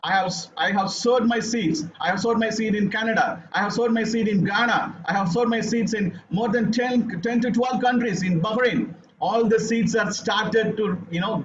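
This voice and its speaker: Earnest Indian man, high voice, echoey call. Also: a little hiss or hum. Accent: Indian English. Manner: earnest, halting with fillers, rousing. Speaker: speaker on a launch call. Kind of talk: motivational testimonial. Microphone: video call. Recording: echoey, dull video call audio.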